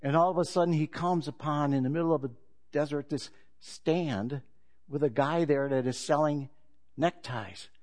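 A male pastor preaching a sermon in a relaxed, conversational storytelling manner, opening with a joke. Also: a little high, moderate pace.

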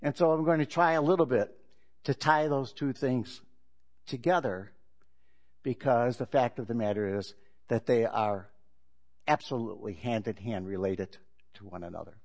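A male pastor preaching a sermon in a relaxed, conversational storytelling manner, opening with a joke. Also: mid-range voice, moderate pace, pauses often.

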